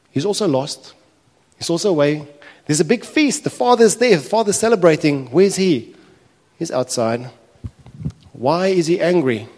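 A man preaching a sermon, telling a parable with animated, acted-out voices. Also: on the high side. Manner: animated storytelling, acting out characters' complaints. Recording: echoey hall reverb.

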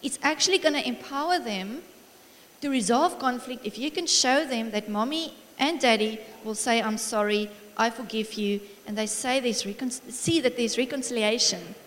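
A woman's voice: on the high side, normal speed. Encouraging woman preaching in an echoing hall. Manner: warm, encouraging, lively storytelling with frequent laughs. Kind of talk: sermon. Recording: long reverb of a large hall.

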